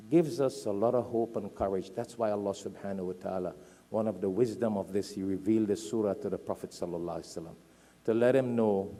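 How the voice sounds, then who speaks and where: With a lowish voice and a fast delivery, a man from Trinidad gives a sermon as an Islamic preacher. His storytelling is lively, and he repeats key phrases for emphasis.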